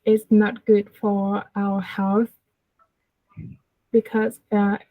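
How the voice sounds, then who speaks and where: A woman's voice: mid-range voice, level tone, very slow, no room sound. A woman learning who answers practice questions hesitantly, with many fillers. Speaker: student. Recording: tinny phone-like call audio.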